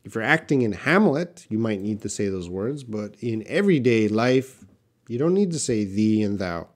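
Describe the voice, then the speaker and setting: A man's voice: on the low side, lively intonation, moderate pace. A Canadian man teaching English on a live stream, reading viewers' comments aloud and answering them bluntly.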